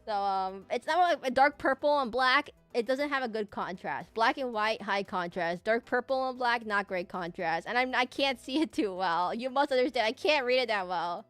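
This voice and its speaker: A woman's voice: fairly high pitch, expressive, normal speed, hardly any pauses, fairly bright tone, clear, resonant tone, no room sound, faint music behind. A woman VTuber streamer chatting casually with her viewers, rambling and repeating herself. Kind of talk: casual live-stream chat.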